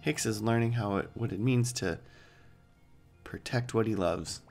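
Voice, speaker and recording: A man's voice: fairly low pitch, measured pace, gravelly, darkish tone, soft background music. A man hosting a let's play, giving casual gameplay commentary with joking, rambling asides.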